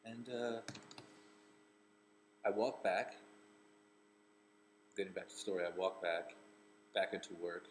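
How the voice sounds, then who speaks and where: A man's voice: deep voice, measured pace, long pauses, slight background noise, poor audio. A man from Rhode Island who works as a comedian and actor, telling a personal story casually with many restarts.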